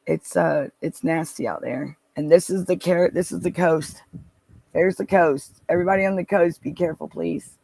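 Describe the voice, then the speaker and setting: A man's voice: fairly high pitch, steady tone, normal speed, gravelly, a little mellow, dry recording. Man, casual livestream host, rambling, dry close sound, sitting in a car. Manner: rambling, reads viewer comments aloud, many restarts. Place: parked car.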